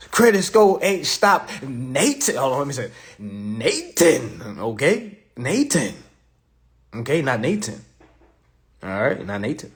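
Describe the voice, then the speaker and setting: Profane, animated man teaching credit. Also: medium pitch, slow pace, pauses often. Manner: profane, joking, animated, addresses the audience as y'all. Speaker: credit and consumer law teacher. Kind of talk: casual live class.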